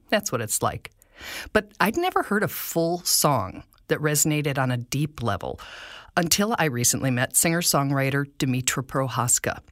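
A woman co-hosting a podcast, narrating scripted segments in an expressive storytelling manner. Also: low voice, dry recording, clean studio sound. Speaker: podcast co-host.

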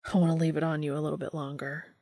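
Woman doing a playful bold young man, husky half-whisper, low gravelly tone, fan fiction audiobook. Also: little pitch movement, quick pace, dark tone, dry recording, studio quality.

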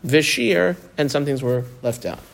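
A man's voice: a little high, expressive, measured pace, gravelly, a bit bright. A man teaching a text lesson, explaining step by step and asking questions as he goes. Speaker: Talmud teacher.

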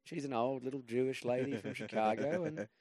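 A man's voice: medium pitch, fairly quick, darkish tone, dry recording. A man guesting on a podcast as a comedian, telling rambling, self-deprecating anecdotes in a casual way.

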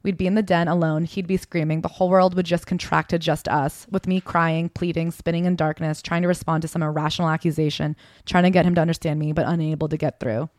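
A woman co-hosts a casual book podcast, talking quickly in a fairly low voice. She reads memoir passages aloud in a soft, subdued way. The sound is dry and close. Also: level tone, no room sound. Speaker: podcast co-host.

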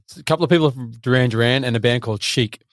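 Man, podcast co-host, relaxed, trivia talk, dry close mic. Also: medium pitch, very fast, dry recording. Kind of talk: casual film review chat.

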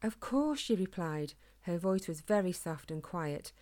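A woman reading a children's storybook aloud in a calm, gentle, steady way. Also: lowish voice, unhurried. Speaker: narrator.

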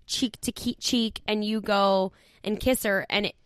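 A young woman co-hosting a podcast in casual, chatty conversation, giving advice with lively acted-out asides. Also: medium pitch, measured pace, clean tone, no echo. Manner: chatty, animated, acts out quoted voices. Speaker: podcast co-host. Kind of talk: casual chat.

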